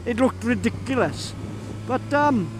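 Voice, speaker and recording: A man's voice: very high-pitched, animated, measured pace, background noise. A young Welsh man with a Welsh accent, chatty and laughing as he tells a story casually, outdoors by a road. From Wales. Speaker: vlogger. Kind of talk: casual anecdote.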